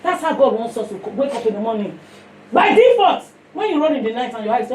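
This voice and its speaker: High-pitched Nigerian woman preacher, passionate and emphatic, heard in an echoey hall from a distance. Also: sing-song, quick pace, a little hiss or hum. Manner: passionate, emphatic, swings from loud to hushed. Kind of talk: sermon.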